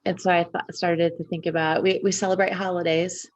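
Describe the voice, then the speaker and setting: A woman's voice: lowish voice, flat delivery, brisk. A woman from Indiana, co-hosting a podcast, reflecting in casual conversation and telling personal stories at length. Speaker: podcast co-host.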